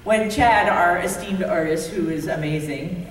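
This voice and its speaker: A middle-aged woman, a comics artist on a convention panel, telling a story in a lively, giggly way with lots of fillers. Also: fairly low pitch, unhurried, slight background noise. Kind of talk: casual storytelling. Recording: echoey hall from far off.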